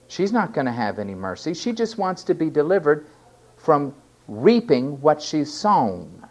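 A man preaching a sermon, stressing key words loudly and then dropping to quiet asides. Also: a little high, big pitch swings, moderate pace. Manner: emphatic, swinging between loud stresses and quiet asides.

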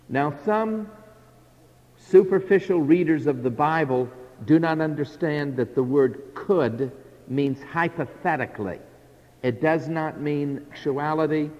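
A man preaching a sermon verse by verse, emphatic, acting out imagined objectors and swinging between loud and quiet. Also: a little high, big-room sound, muffled recording. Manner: emphatic, acts out imagined speakers, rises and drops in volume.

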